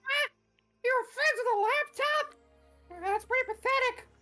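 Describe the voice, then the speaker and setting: A man's voice: extremely high pitch, a little slow, sharp tone, faint music behind, voice pushed up, exaggerated voice. A man voicing a gleeful, sadistic male bear mascot in a mocking, sing-song way while reading game dialogue.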